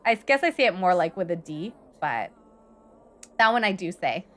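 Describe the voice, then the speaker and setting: A woman's voice: on the low side, very animated, normal speed. A woman chatting casually and rambling on while she livestreams a game and answers viewers' chat. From Canada. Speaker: live streamer.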